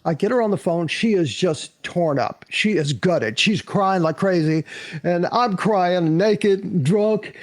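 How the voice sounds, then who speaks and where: An older man spinning a show-business anecdote in a lively, high-pitched voice. His delivery rises and falls all over the place, and he acts out the other people in the story as he goes. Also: slow pace. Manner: animated, acts out quotes, laughs often. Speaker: guest, former actor.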